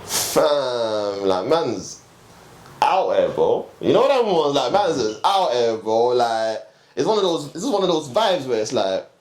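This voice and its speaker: A man's voice: medium pitch, a little slow. A young man, a guest DJ telling a story in slangy, casual chat with frequent laughs. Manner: slangy, animated, laughs often. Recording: roomy echo, faint background hum.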